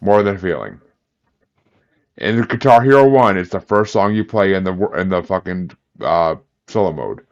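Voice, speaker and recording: A man's voice: low voice, animated, normal speed, dull audio. A man hosting a casual podcast chat, rambling and swearing as he jokes around. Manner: rambling and profane, joking around. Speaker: podcast host.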